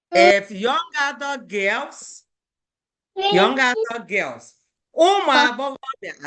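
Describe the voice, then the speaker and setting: A woman's voice: medium pitch, fairly bright tone. A woman, an Igbo speaker, teaching a beginner Igbo lesson in English, patiently repeating words and checking that students follow.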